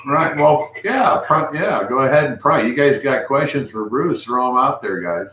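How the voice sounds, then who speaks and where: A man's voice: mid-range voice, lively intonation, normal speed, a bit bright. A man hosting a casual live stream, rambling with restarts and calling out to viewers. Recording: echoey room with faint noise.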